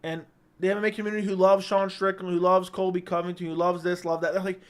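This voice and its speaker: Young male streamer, higher voice, blunt quick takes, home studio mic. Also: fairly even intonation. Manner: blunt, opinionated, quick verdicts. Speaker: livestream host reading viewer comments. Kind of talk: casual livestream chat. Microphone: studio microphone.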